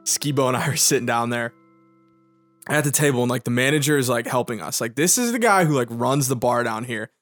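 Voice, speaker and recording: A middle-aged man co-hosting a podcast, telling rambling, animated stories in casual chat. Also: mid-range voice, fairly quick, no echo, faint music behind. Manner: rambling, animated storyteller, many fillers. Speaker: podcast co-host.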